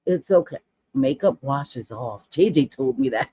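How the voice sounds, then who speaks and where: A woman's voice: lowish voice, animated, a little fast, warm tone, no echo. Forties woman vlogger, blunt gossipy chatter, dry, slightly dull home recording. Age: 40s. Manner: blunt, gossipy, dramatic asides. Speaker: makeup vlogger. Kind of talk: casual chatty makeup tutorial.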